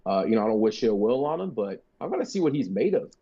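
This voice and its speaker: Laid-back husky man, lo-fi. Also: on the low side, very animated, quick pace, warm tone. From United States. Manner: profane, joking, rambling. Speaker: podcast co-host. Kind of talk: casual sports chat.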